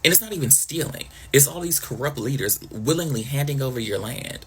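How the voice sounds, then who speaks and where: A man's voice: medium pitch, expressive, a little fast, a little hiss or hum. A man ranting bluntly to the camera, exasperated and heavy on slang. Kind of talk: casual opinion rant to camera.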